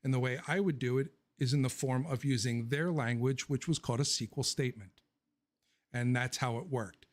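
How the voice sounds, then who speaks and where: A man's voice: mid-range voice, normal speed. A man hosting a casual livestream Q&A, rambling and joking, blunt with his opinions and laughing often. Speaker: livestream host answering viewer questions.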